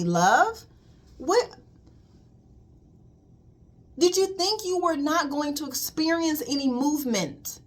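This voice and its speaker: High-voiced woman preaching wellness. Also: a bit bright. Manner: emphatic and repetitive, calls listeners "queen". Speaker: colon hydrotherapist. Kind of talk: casual spiritual wellness talk.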